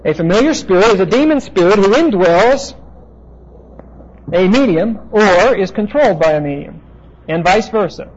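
High-voiced man teaching a Bible lecture. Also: animated, breathy edge. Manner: explanatory, halting with frequent "uh" fillers. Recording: dull lo-fi recording.

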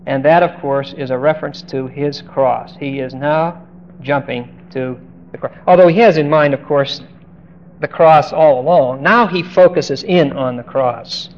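An unhurried man of medium pitch delivers an emphatic expository sermon, lingering on key words and posing direct questions to the audience. The recording is dull and lo-fi, with faint hiss.

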